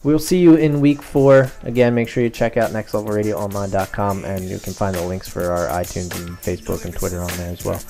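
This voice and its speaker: A man's voice: fairly low pitch, fairly even intonation, fairly quick, creaky, few pauses, warm tone, soft background music. A man hosting a casual sports podcast, chatty and full of fillers as he reads off plugs and wraps up the show. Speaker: podcast host.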